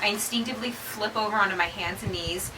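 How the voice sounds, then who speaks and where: A woman in her thirties, a podcast co-host, telling her birth story in casual chat, acting out quotes with lively flair. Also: medium pitch, quick pace, distant mic, background noise. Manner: chatty, animated retelling with acted-out quotes.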